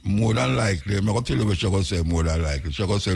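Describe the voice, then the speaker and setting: A man's voice: low-pitched, rapid-fire, vocal fry, few pauses, darkish tone, husky. A radio host with a Jamaican accent, delivering a talk monologue and questioning and urging his listeners.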